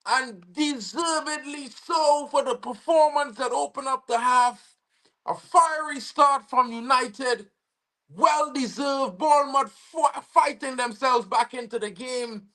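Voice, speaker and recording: A young Trinidadian man hosting a football watch-along livestream, slangy and excitable, bursting into shouts when his team scores. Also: very high voice, slow. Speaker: football fan livestream host. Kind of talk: live match watch-along commentary.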